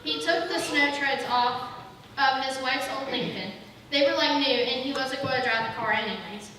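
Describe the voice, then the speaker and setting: A woman's high-pitched voice, bright and forceful, reads a Christmas story at normal speed in a church sanctuary. She catches and corrects little slips as she reads, captured distantly in the echoey space with faint hiss.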